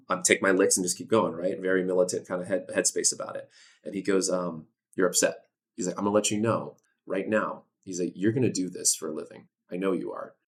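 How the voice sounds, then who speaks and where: A young man, a voice actor guest chatting casually in an interview, animated and laid-back, saying dude and man often. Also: deep voice.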